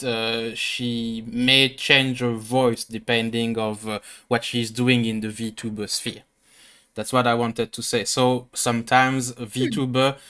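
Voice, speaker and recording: Smooth bright-voiced podcast host. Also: male voice, mid-range voice. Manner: hesitant, stammering restarts, laughs often. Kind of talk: casual podcast interview.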